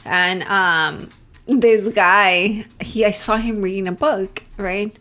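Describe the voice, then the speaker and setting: A young woman co-hosting a laid-back podcast, chatting in a middle-pitched voice. She rambles through her stories and checks in with "right?" as she goes. She slips into quick acted voices for the people in them. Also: bright, forceful tone. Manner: rambling storyteller, acts out quoted dialogue, heavy on "like" and "right?". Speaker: podcast co-host. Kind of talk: casual chat.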